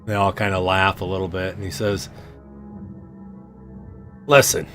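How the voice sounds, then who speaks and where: A man's voice: deep voice, monotone, fast, a bit bright, faint music behind. A man narrating a tabletop game as game master, in a loose, conversational way.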